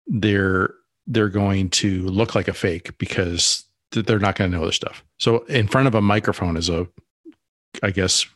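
Casting note: low-voiced male podcast co-host, loose rambling delivery, dry close mic. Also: gravelly, fairly bright tone, no echo. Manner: rambling, frequent restarts and asides. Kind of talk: casual podcast conversation.

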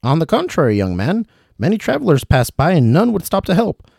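William, a fussy high-voiced wizard. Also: male voice, huge pitch swings, fairly quick, gravelly, darkish tone, husky, no room sound, clean studio sound, heavily acted. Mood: formal, eager. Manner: formal, high and strained. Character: fussy excitable male physicist wizard.

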